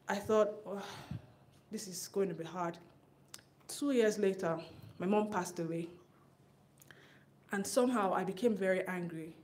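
A woman giving a personal testimony at a church service, telling her story earnestly with quick asides, her voice rising at the tense moments. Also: medium pitch, darkish tone.

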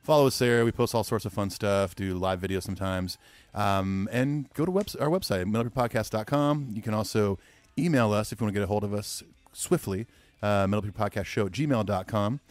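A podcast co-host with a fairly low-pitched voice speaks briskly, with no echo. He chats casually in an easygoing, agreeable manner.

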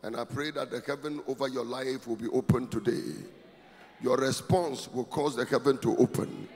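A pastor preaching a sermon, emphatic and rising to shouts with a sing-song cadence. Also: male voice, medium pitch, fairly even intonation, moderate pace, slight background noise. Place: church. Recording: long hall reverb, faint music.

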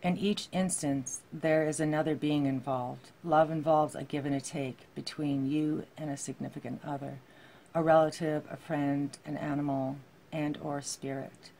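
A woman giving a heartfelt tarot reading to her viewers, reading card texts aloud and musing softly with many fillers. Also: low-pitched, steady tone, normal speed, slight background noise. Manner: soft-spoken, heartfelt, with frequent fillers. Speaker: tarot reader.

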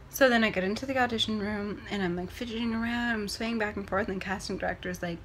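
A young woman vlogger telling a story casually to the camera, acting out her own reactions with big swings between soft and loud. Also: medium pitch, quick pace, few pauses, a little hiss or hum.

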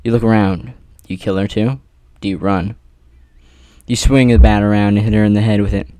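A man narrating an adventure story in the second person, with theatrical pauses and rhetorical questions. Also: fairly low pitch, steady tone, dark tone, no echo. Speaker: narrator reading an AI-written adventure.

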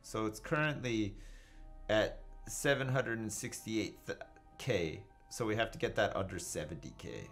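A man's voice: on the low side, expressive, measured pace, faint music behind. A man casually commenting on his own space game live, joking, swearing and thinking aloud as he reads chat. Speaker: gaming livestreamer.

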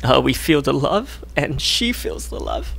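A man's voice: medium pitch, wildly swooping pitch, unhurried, gravelly, a bit bright. A young man preaching a sermon to a church, earnest and conversational, often checking in with the listeners. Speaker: guest preacher.

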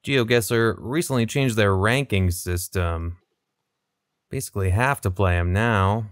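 A young man giving casual, chatty commentary over his own gameplay, relaxed and laughing often. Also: lowish voice, measured pace, no room sound, studio quality. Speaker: gaming video creator.

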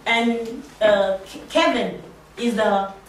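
Bright-voiced woman teacher in an echoey room. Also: fairly high pitch, slow pace, recorded from a distance, very noisy. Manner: acts out little dialogues, lively and playful. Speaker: ESL teacher training teaching assistants. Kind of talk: casual training talk to a small group.

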